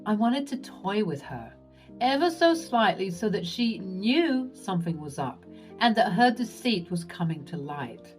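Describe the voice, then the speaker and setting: Woman narrator, first-person drama story, lively swooping pitch, faint background music. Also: a little slow.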